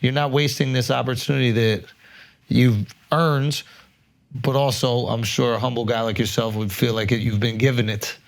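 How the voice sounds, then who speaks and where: A male podcast host with a gravelly, fry-heavy voice talks in a laid-back, musing way. He swears casually in loose chat, at a middle pitch. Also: steady tone, normal speed.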